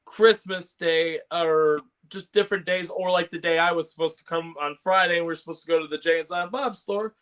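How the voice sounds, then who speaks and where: Chatty guy podcast host, kinda high voice, rambles w lots of ums and laughs. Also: fairly even intonation, fairly quick, few pauses, a bit bright, clean tone. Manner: rambling, many fillers and laughs. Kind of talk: casual chat.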